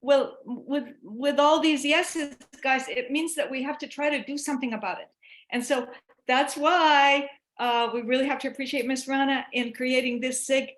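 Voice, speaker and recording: A woman giving a chatty online talk to teachers, animated and given to restarts. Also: high-pitched, normal speed, roomy sound. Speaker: presenter.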